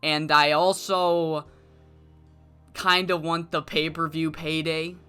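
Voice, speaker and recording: A woman's voice: low-pitched, flat delivery, slow pace, fairly bright tone, clean tone, soft background music, voice pushed down. A woman voicing a humble male wrestling champion who speaks politely and earnestly in a game story.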